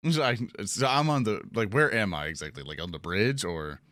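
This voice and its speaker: A man's voice: lowish voice, sing-song, a little fast, a bit bright, no echo, studio quality. A man playing a tabletop game, talking casually with some hesitation. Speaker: player.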